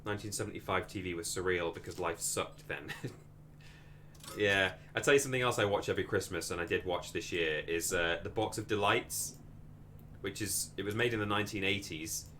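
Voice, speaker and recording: Male streamer, lowish and bright, casual and rambling, faint music behind. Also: fairly quick, slight background noise. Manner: rambling, thinking aloud, reading out viewer donations. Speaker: livestream host. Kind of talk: casual live-stream chat.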